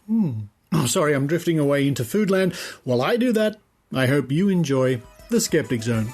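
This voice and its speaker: A man's voice: fairly high pitch, a little fast, a little mellow. Australian male host, loose rambling chat style. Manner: rambling, chatty, with fillers. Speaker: podcast host. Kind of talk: casual podcast chat.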